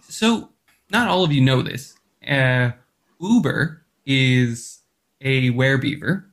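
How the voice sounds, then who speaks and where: Male game master, slow, halting delivery, fairly high voice, light music under it. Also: a bit bright. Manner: halting, lots of fillers and restarts. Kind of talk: running a tabletop game podcast.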